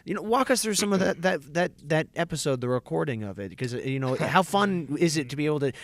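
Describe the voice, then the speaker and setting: A man's voice: fairly high pitch, lively intonation, fast, no echo. A male interviewer at a convention, cracking jokes and asking rambling questions.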